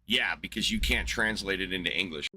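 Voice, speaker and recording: A man with a Southern US drawl argues as a debate host. He is brash and profane, and his voice has a tense, forceful brightness sitting on a fairly low pitch. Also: brisk, slight background noise, low-quality recording. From Southeast United States. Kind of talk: heated casual debate.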